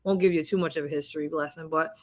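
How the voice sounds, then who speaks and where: A woman in her thirties, a boxing champion being interviewed, telling animated stories with laughs and swearing. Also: low-pitched, very fast. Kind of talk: casual interview chat.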